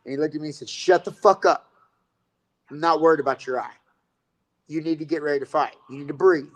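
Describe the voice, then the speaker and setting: A man's voice: a little high, fairly even intonation, racing, darkish tone, rough recording. A man telling a rambling, profane story about fighting and coaching in a casual interview.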